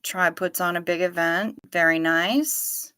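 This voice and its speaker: Hosting a casual livestream, a woman reads viewer comments aloud and answers them in a bright, forceful voice. Her voice sits lowish, smooth and steady, at a measured pace. The audio is close and dry, with no room echo.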